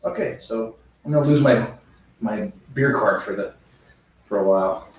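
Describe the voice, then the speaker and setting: A man co-hosting a homebrew show, relaxed and easygoing, often giving short agreeing replies. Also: fairly low pitch, moderate pace. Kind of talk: casual chat. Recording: echoey room, mic far off, dull.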